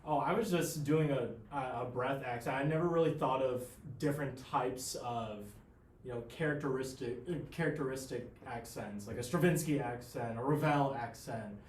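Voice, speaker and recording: A music student answering a teacher softly and hesitantly during a lesson. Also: medium pitch, moderate pace. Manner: soft-spoken, hesitant replies. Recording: distant mic in an echoey room with faint noise.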